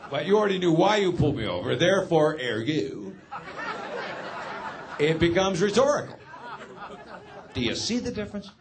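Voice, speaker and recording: A man doing stand-up, spinning a story with dry, sardonic asides. His voice sits high and swings widely in pitch. A faint crowd murmurs behind him in a live room. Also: background noise. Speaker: stand-up comedian. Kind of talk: stand-up comedy set.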